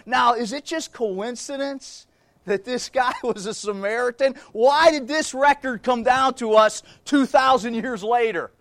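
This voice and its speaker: A man's voice: extremely high pitch, measured pace, a bit bright, no room sound, clean studio sound. A man preaching a sermon, reading scripture and repeating key phrases with emphasis as he addresses the congregation as folks.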